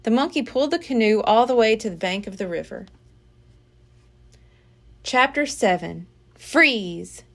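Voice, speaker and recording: A woman reading a children's book aloud as a library storyteller, with an expressive, dramatic delivery. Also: on the high side, unhurried, pauses often.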